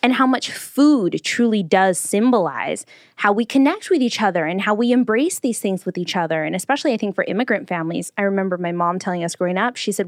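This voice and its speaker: Lively storytelling woman host. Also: mid-range voice, fairly quick, no room sound, studio quality. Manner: lively storyteller, does voices for quoted people. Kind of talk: casual storytelling chat.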